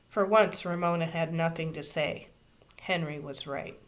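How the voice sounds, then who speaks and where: A woman, a teacher, reading a children's chapter book aloud with expressive, steady storytelling. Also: low voice, unhurried.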